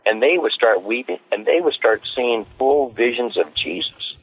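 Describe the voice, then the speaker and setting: A man telling stories as an interview guest, rambling and repeating himself as he gets excited. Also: medium pitch, moderate pace. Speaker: street evangelist guest. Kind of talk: casual interview storytelling. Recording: tinny phone line.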